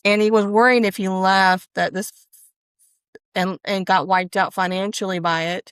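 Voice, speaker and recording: A woman giving a casual spiritual tarot card reading, chatty and expressive, now and then excited or close to tears as cards come up. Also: mid-range voice, gravelly, no echo. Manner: chatty, Southern-tinged "y'all", breaks into laughs and excited exclamations.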